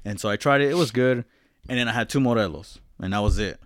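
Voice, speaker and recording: A man's voice: mid-range voice, fast, no echo, studio quality. A young man telling a long story in casual chat, rambling and swearing, calling his friend "bro".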